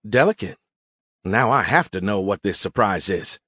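A man's voice: lowish voice, animated, moderate pace, sharp tone, slightly rough, dry recording, exaggerated voice. A male narrator voicing a loyal, wry female sergeant who speaks in a dry, firm way.

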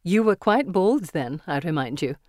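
A woman's voice: fairly low pitch, big pitch swings, normal speed, darkish tone, no room sound, clean studio sound. A woman voicing an older woman teacher who fondly and teasingly recalls old times, in an audiobook reading. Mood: reminiscing. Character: warm chatty older woman teacher, reminiscing.

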